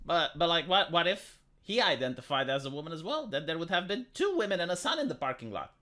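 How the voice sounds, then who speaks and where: A woman's voice: fairly low pitch, quick pace. A woman from Romania giving dry, mocking reaction commentary on a viral video. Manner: dry, mocking, deadpan asides. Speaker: commentary YouTuber.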